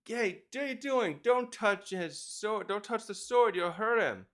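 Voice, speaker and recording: A man's voice: sits high, expressive, a little slow, fairly bright tone, pitched above the performer's own voice. A man voicing an alarmed, scolding tall male giant warrior who speaks urgently.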